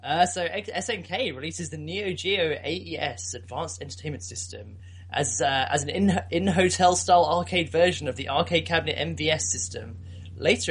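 A man's voice: a little high, a bit bright, husky. A man co-hosting a gaming podcast, reading notes with some hesitation and laughing often. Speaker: podcast co-host. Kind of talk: casual gaming podcast chat.

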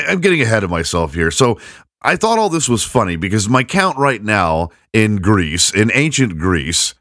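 A middle-aged podcast host with a very low voice tells a long, rambling story in a casual way, poking fun at himself and laughing along. The sound is dry and close with no room around him, a bit bright and without echo.

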